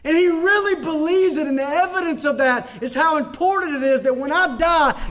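A man's voice: very high-pitched, expressive, unhurried, fairly bright tone. A man preaching a sermon as a pastor, talking conversationally with emphatic repetition.

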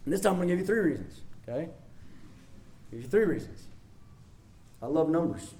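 A man's voice: a little high, big pitch swings, a little fast, dark tone. A man preaching a sermon, emphatic, repeating key phrases and putting rhetorical questions to the congregation.

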